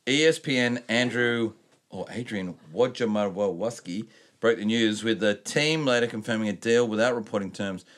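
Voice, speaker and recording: Male podcast co-host, lowish voice, crude rambling banter, stumbles reading news. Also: normal speed, fairly bright tone. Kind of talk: casual sweary podcast banter.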